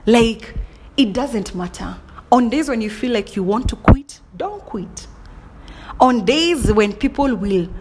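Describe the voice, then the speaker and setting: Dramatic, slow-talking motivational woman. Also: mid-range voice, noisy background. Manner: dramatic, swings from whispers to loud bursts; laughs often at herself. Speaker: motivational speaker. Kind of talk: motivational monologue.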